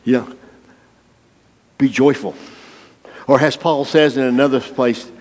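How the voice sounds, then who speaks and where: A man's voice: on the low side, darkish tone. Preacher guy joking with his congregation, voice ringing around a big hall. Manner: folksy, playful, talks to the congregation by name. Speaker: pastor. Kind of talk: sermon. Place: church. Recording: long reverb of a church hall.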